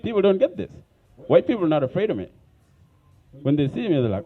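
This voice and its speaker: A man's voice: a little high, fast talker, narrow, tinny audio. A man with an African accent doing a blunt, profane stand-up comedy set on a club stage. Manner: blunt, profane, animated storytelling.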